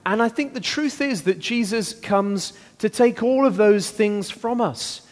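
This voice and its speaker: A man leads an interactive sermon in a playful, exclaiming manner, his voice sitting high for a man. The sound rings with the long reverb of a church hall. He jokes with the congregation and draws them in with questions. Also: a little mellow. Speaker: preacher. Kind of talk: interactive all-age sermon.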